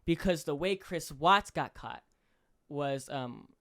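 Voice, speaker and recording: A young man talking loosely on a podcast, his voice sitting a little high for a man. He swears freely and fills his sentences with fillers. Now and then he slips into the voices of the people in the story he is retelling. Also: animated, slow, gravelly, fairly bright tone. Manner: heavy swearing, many fillers, acts out quoted people. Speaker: podcast co-host. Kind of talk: casual podcast chat, retelling a true crime case.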